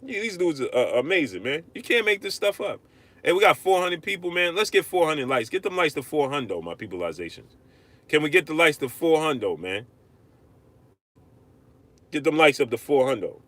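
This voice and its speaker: A man hosting a live-stream boxing rant, arguing hard, repeating himself and shouting out viewers. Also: on the high side, moderate pace, no room sound. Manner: animated, repetitive, argumentative, shouting out viewers. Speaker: livestream host.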